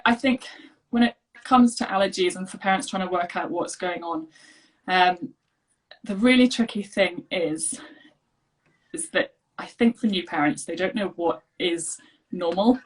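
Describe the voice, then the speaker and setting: A woman's voice: lowish voice, normal speed, low-quality recording. A woman, an allergy coach, talking casually over a video call with lots of fillers and restarts. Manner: chatty, many fillers and restarts. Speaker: allergy health coach, guest. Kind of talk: casual conversational interview.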